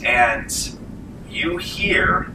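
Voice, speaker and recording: A man narrating a tabletop game as game master, lively and laughing often, recorded in a library meeting room. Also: high-pitched, very slow. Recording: echoey room, mic far off, faint hiss.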